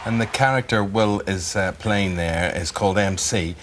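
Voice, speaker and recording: A man's voice: low voice, normal speed, loud music behind the voice. A man presenting a morning TV show, asking questions in a jokey, teasing way. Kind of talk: casual chat.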